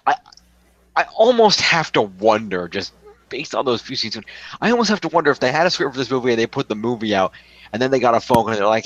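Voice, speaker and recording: A man co-hosting a casual review podcast, making relaxed, wry asides. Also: medium pitch, quick pace, dry recording, muffled recording. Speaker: podcast co-host. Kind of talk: casual chat.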